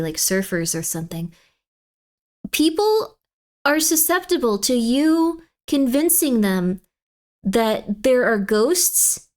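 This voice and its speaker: A woman streamer chatting casually on a livestream, rambling and playfully emphatic. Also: fairly high pitch.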